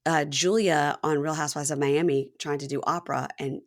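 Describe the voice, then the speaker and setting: A woman's voice: low voice, steady tone, brisk. A woman hosting a podcast, recapping reality TV in gossipy casual chat and quoting people in their voices. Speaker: podcast host.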